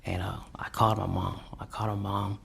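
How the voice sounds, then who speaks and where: A man on the stand in a courtroom, his low voice full of fry and a heavy husk. He stumbles and restarts, repeating words as he works through his account. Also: level tone. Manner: halting, repeats words, says "you know what I'm saying". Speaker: defendant testifying. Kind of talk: courtroom testimony.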